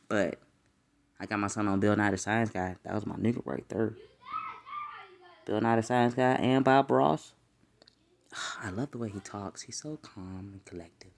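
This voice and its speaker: Woman podcast host, very low voice, loose and profane solo chat. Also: a little slow, creaky, long pauses, a little hiss or hum. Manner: profane, laughing, rambling.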